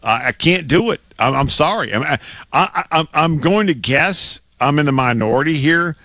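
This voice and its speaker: A man's voice: on the high side, lively intonation, normal speed, bright, forceful tone, no room sound. A man co-hosting a sports radio show in casual banter, emphatic and playfully exasperated, with stammering restarts.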